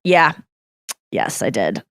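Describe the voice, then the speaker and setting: A woman in her thirties hosting a podcast, chatting casually and candidly with animated storytelling. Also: low-pitched, slow, no echo, clean studio sound. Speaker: podcast host. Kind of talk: casual chat.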